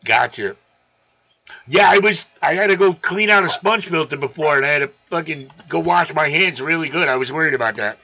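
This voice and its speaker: A gravelly man hosts a relaxed live stream, loose and excitable as he reads comments aloud. His voice sits a little high and sounds bright and forceful. The stream audio is dull and lo-fi. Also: brisk. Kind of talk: casual live stream chat.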